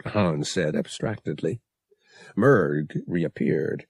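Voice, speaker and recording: A male audiobook narrator with a gravelly, husky voice and lively pitch. He reads steadily and picks up pace in the action. The sound is dry and close. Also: no room sound. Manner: steady storytelling, brisk in action.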